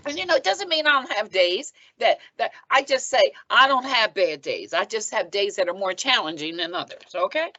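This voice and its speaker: Brisk and expressive with few pauses, her medium-pitched voice has a fairly bright tone, though the dry recording cuts off the highs. She is a seventy-something reverend and foundation president from Philadelphia, guesting on a podcast conversation in an emphatic, preacherly style punctuated by "okay?".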